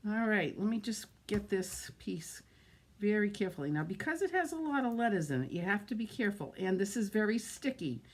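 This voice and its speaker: A woman's voice: medium pitch, sing-song, fast, hardly any pauses, slight background noise. A woman with a Boston-area Massachusetts accent, chatting casually through a live card-making demo and greeting viewers by name. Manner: chatty, greets viewers by name, thinks aloud while working. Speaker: card-making livestream host.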